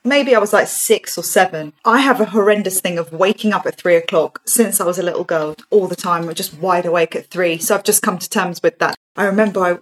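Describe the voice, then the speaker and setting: A woman's voice: on the low side, fairly quick, few pauses, rough recording. A woman in a casual podcast chat, sharing her own thoughts and memories earnestly. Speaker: podcast co-host.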